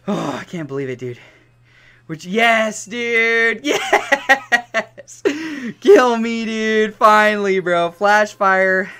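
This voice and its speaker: A young man streaming a game, yelling and cursing with joy, his voice hoarse from shouting. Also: high voice, expressive, drawn-out words. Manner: ecstatic shouting, cursing, repeated yells of yes. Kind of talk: live-stream game reaction.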